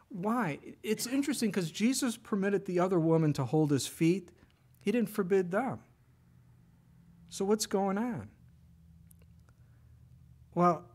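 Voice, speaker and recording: A middle-aged man preaching a sermon in a casual, conversational way, telling the story with lively emphasis and dropping to a whisper for quoted words. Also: a little high. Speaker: pastor.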